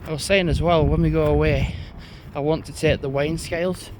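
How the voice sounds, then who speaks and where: A man's voice: a little high, steady tone, a little fast, darkish tone, a little hiss or hum. A young man, rambling casually to his phone while out on an evening walk uphill. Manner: rambling, chatty monologue. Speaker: vlogger. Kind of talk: casual walking vlog.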